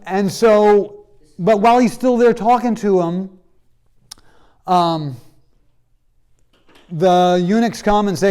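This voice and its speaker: A man's voice: high-pitched, fairly even intonation, slow, pauses often, darkish tone, clean tone. A man teaching a Bible history class, telling the story casually and acting out the characters' lines, with students chiming in now and then. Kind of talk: classroom lecture.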